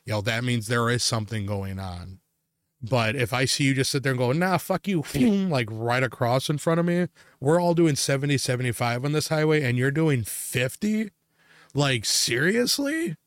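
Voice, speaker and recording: A man's voice: medium pitch, moderate pace, clean tone, no echo, studio quality. A man from Wisconsin co-hosting a casual podcast, telling a road story in a profane, ranting way. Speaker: podcast co-host. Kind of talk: casual chat.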